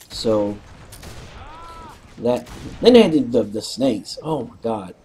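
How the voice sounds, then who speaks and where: A man casually telling a rambling, animated story, clearing his throat often and swearing freely. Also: mid-range voice, slow. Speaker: co-op gaming channel host.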